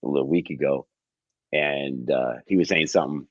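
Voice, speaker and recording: A man speaking as a guest on a casual podcast, telling candid, profane stories in an animated way. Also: very deep voice, normal speed, no room sound, highs cut off.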